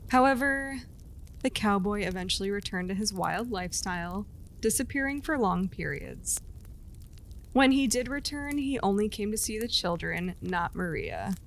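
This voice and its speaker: A woman co-hosting a podcast tells a legend in casual conversation, laughing often between lines. Her mid-range voice is gravelly, and the low-quality recording has a little hiss or hum.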